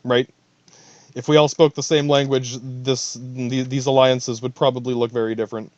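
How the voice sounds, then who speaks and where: A man's voice: medium pitch, flat delivery, normal speed, no room sound, highs cut off. A man hosting a podcast alone, rambling in a profane, stream-of-thought monologue full of asides. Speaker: podcast host.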